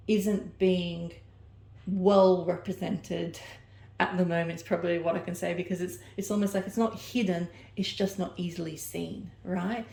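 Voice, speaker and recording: A woman's voice: fairly low pitch, gravelly, darkish tone, echoey room, slight background noise. A woman giving an oracle card reading, rambling and searching for her words as she corrects herself mid-sentence. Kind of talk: personal oracle reading to camera.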